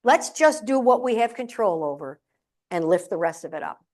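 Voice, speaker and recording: A woman voicing her easygoing older Italian father, who gives calm, reassuring advice. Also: medium pitch, normal speed, lightly acted.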